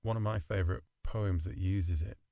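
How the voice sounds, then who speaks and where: Man, podcast co-host, deep voice, dry close sound, thoughtful. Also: steady tone, moderate pace, gravelly, dark tone, dry recording. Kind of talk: casual chat.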